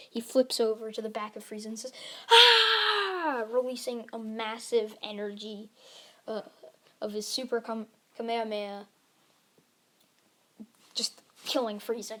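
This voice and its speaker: Slow rambling woman storyteller. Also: mid-range voice. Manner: rambling, with many restarts and fillers. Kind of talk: improvised fan-fiction narration.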